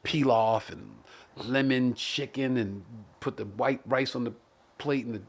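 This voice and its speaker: A man from Brooklyn spins loose, profane stories as a comedian host. His voice sits in a middle pitch and turns animated as he acts out what other people said. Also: unhurried. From Brooklyn, New York. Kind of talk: casual storytelling chat.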